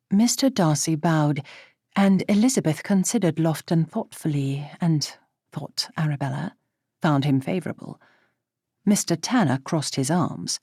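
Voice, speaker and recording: A woman narrating a period romance audiobook in a measured storytelling manner. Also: deep voice, a little mellow, husky, dry recording, clean studio sound. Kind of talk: scripted narration.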